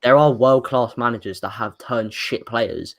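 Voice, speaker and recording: A man's voice: medium pitch, normal speed, gravelly, slight background noise. A man on a casual podcast, rambling and full of likes. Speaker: co-host.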